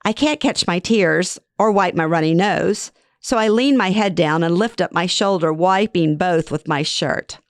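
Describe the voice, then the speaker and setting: A woman's voice: lowish voice, unhurried, few pauses, no room sound, studio quality. A middle-aged woman reads her own personal story aloud in a wry, conversational, self-deprecating way. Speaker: author reading her own memoir. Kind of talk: first-person story narration.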